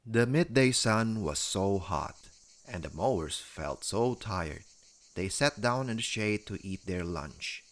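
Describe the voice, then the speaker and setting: A man with a low voice reads a children's bedtime story aloud. He takes it slowly and leans into every line, with his pitch rising and falling in a lively, animated way. It is gentle, expressive storybook narration.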